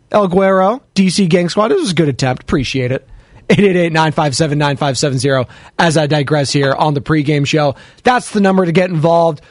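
High-voiced chatty sports show host, man. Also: no echo, clean studio sound. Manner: chatty, jokey, shouts out listeners. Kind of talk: casual sports radio chat, taking calls and chat.

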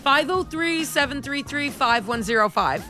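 A woman radio host telling a family story in animated casual chat, acting out the quotes. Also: high-pitched, moderate pace, faint music behind. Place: radio studio.

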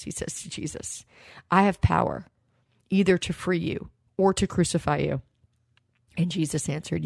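A woman's voice: on the low side, steady tone, normal speed, gravelly, no room sound, clean studio sound. A woman preaching a sermon, retelling scripture in a conversational storytelling way.

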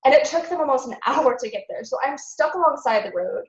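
A woman's voice: high voice, animated, fairly quick, reverberant, dull audio. A woman guest on a podcast, talking earnestly in a casual interview and acting out her own thoughts, sounding a little sick.

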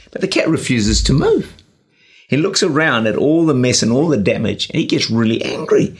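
A man's voice: medium pitch, animated, a little fast, husky. A man preaching a sermon in an earnest, exhorting way, with frequent "uh" and "you know". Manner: earnest, exhorting, with frequent 'uh' and 'you know'. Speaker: pastor and radio preacher. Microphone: camera-recorded sermon.

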